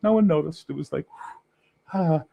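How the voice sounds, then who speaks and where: Husky middle-aged man, rambling storyteller. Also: fairly low pitch, a little fast, no echo. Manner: rambling, profane, animated storyteller. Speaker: guest, game master. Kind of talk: casual podcast chat.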